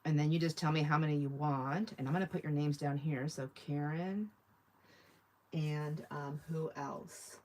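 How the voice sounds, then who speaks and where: A woman's voice: low voice, fairly even intonation, moderate pace, a little mellow. A woman hosting a live online sale, chatting casually and rambling as she reads viewer comments aloud. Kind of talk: casual live-stream sales chat.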